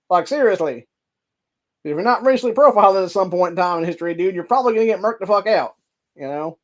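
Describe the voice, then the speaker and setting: A podcast host with an Ohio accent reads news articles aloud, then erupts into heated, profane rants between passages. His voice is high, expressive and fast.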